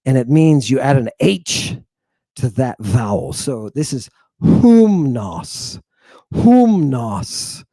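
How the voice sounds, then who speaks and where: A man teaching an online language lesson in a playful, theatrical way, repeating each pronunciation slowly for the listener. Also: on the high side, dark tone, no room sound.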